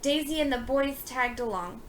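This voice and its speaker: Woman reading a kids book, lively and expressive, high voice. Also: normal speed, a little hiss or hum, rough recording. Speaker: storybook reader. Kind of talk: reading a picture book aloud.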